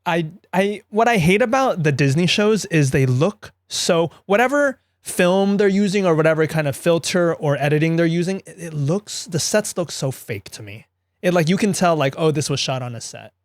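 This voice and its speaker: A woman's voice: on the low side, animated, normal speed, no echo, clean studio sound. A woman co-hosting a podcast in casual chat, rambling along with lots of "like". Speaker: podcast co-host.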